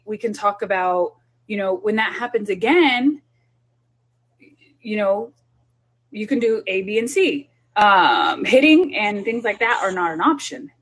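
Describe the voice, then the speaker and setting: Husky-voiced woman giving a parenting talk. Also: medium pitch. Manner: conversational, acts out dialogue with her kids. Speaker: child development specialist.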